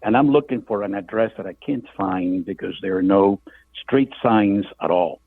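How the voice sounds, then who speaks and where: Older man from Cuba, lively storyteller, husky low voice, tinny phone line. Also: moderate pace, dry recording. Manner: vivid storyteller, acts out voices in his quotes. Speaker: author guest. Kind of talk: storytelling in a radio interview.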